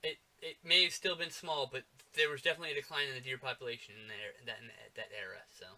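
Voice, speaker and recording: A man co-hosting a casual movie-review podcast, animated and swearing often, with lots of fillers. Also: medium pitch, fast. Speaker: podcast co-host.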